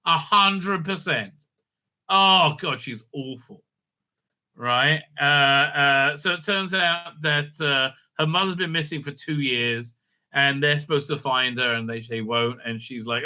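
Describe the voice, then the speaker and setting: A man's voice: fairly high pitch, measured pace, bright, forceful tone. A man recapping and reviewing a show in a casual, rambling way, exasperated and full of fillers. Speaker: video reviewer.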